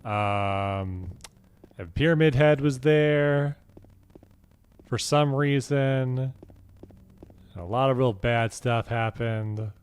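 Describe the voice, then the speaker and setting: A man's voice: mid-range voice, takes it slowly, long pauses, smooth. A young man streaming a horror game, chatting casually and rambling with many fillers and restarts. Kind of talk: casual gaming commentary.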